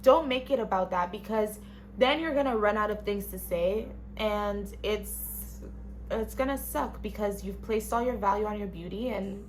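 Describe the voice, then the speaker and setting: A woman's voice: medium pitch, a little fast. A young woman vlogging casually from her small studio apartment, talking frankly and directly to viewers and swearing now and then. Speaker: lifestyle vlogger. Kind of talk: casual self-help vlog talk.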